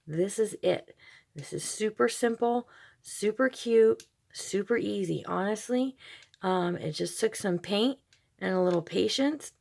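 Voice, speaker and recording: Gravelly-voiced woman chatting through a craft tutorial. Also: mid-range voice, measured pace, a little mellow. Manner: chatty, with frequent ums. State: slightly scratchy from a cold. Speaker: craft channel host. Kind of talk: casual DIY tutorial.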